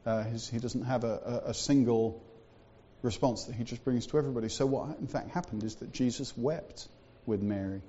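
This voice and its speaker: A man's voice: mid-range voice, normal speed, mellow, dull audio. A man preaching a sermon in a church, talking in a conversational way with fillers and asides.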